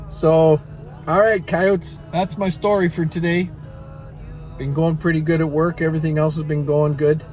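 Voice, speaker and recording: A man's voice: fairly high pitch, little pitch movement, normal speed, darkish tone, faint music behind. A middle-aged man in back pain, casually telling viewers a rambling, self-mocking story and chuckling at his own jokes. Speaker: vlogger and songwriter.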